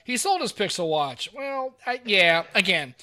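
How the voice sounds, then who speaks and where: A man co-hosting a casual tech podcast, talking in an animated, rambling way and throwing in quick asides to the live chat. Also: sits high, crowd noise. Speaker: podcast co-host.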